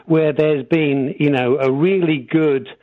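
A man's voice: a little high, fairly even intonation, measured pace. A man from England calling in to a radio show, talking politely with many hesitant ums. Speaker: caller. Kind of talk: phone-in call. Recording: muffled phone line.

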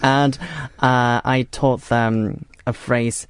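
A man's voice: medium pitch, a little slow, no echo, studio quality. Easygoing Korean-accented man guest. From South Korea. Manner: easygoing, chatty, laughs along. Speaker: studio guest, YouTuber.

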